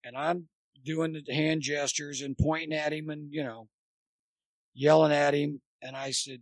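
A man, a former college baseball coach, chatting as a guest and telling long, animated anecdotes. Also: on the high side, moderate pace, no room sound. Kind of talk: rambling anecdotal storytelling.

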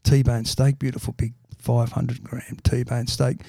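A man's voice: mid-range voice, flat delivery, takes it slowly, vocal fry, mellow, no echo, clean studio sound. A middle-aged man with an Australian accent, telling long rambling jokes in a casual chat and stumbling over repeated words. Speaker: podcast regular telling jokes.

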